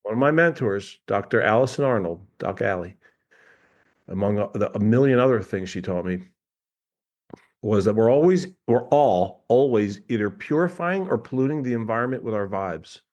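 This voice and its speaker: Speaking at normal speed with a fairly low pitch, this man sounds lo-fi as he appears as a guest coach in a relaxed podcast chat. His stories are animated, full of laughter and mimicry of people.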